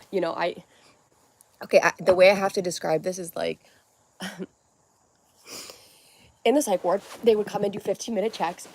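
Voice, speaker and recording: A woman's voice: mid-range voice, darkish tone. A young adult woman hosting a casual livestream at home, rambling from one topic to the next in a scattered way. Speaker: livestream host.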